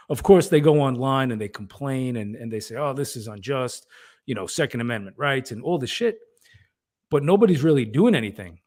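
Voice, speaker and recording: A man co-hosting a fatherhood podcast, making his points emphatically in casual talk, swearing and asking "right?". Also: medium pitch. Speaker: podcast co-host.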